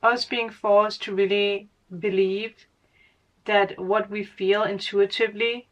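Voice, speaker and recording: A woman's voice: mid-range voice, little pitch movement, slow, dull audio. A woman giving a casual spiritual reading as a tarot reader, rambling, laughing often and correcting her own words. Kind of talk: casual spiritual guidance monologue.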